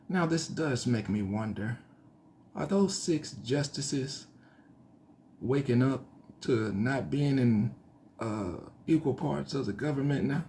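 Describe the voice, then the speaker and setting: A man's voice: medium pitch, animated, takes it slowly, dark tone, slight background noise. A man hosting his own casual news commentary, rambling and correcting himself as he works, with a slight twang. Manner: rambling, self-correcting, thinking aloud. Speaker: news show host.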